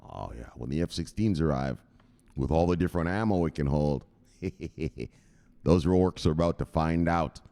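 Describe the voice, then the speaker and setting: A man hosting a crypto news livestream, chatting with viewers in a loud, profane, excitable way. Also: extremely low pitch, a little slow, vocal fry. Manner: profane, excitable, shouting "bang!" often.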